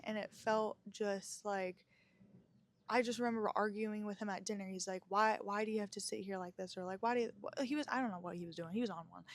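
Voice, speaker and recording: A woman hosting a podcast, telling her own story in a reflective, confessional way with many filler words. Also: mid-range voice. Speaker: podcast host. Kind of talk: candid personal storytelling.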